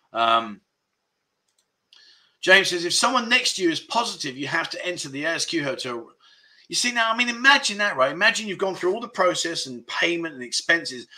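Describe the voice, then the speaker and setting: A man hosts a casual livestream chat, his fairly high voice sounding pushed and bright. He's chatty, reads viewers' comments out loud, talks about them, and uses a lot of fillers.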